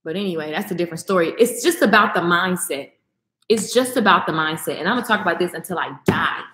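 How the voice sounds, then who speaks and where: A woman's voice: on the low side, animated, quick pace, bright, forceful tone, reverberant. A woman vlogger giving a passionate, emphatic motivational talk straight to her viewers, repeating phrases for emphasis.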